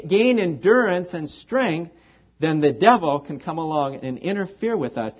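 A man's voice: husky, muffled recording. A man preaching a sermon to his congregation, dramatic in delivery, speaking to the people in front of him. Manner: dramatic preaching with wide swings in pitch and volume, addresses congregation directly. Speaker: pastor.

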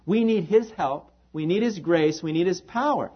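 A man's voice: expressive, moderate pace, slightly rough, dull audio. A man preaching a sermon to his congregation, dramatic in delivery, speaking to the people in front of him. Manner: dramatic preaching with wide swings in pitch and volume, addresses congregation directly. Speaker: pastor.

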